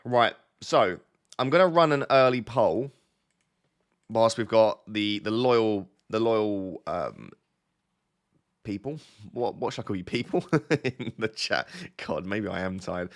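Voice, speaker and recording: A man's voice: fairly low pitch, takes it slowly. A man talking casually on a live stream, rambling and self-deprecating as he thinks aloud to his chat, his voice slightly bunged up. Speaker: fantasy football streamer.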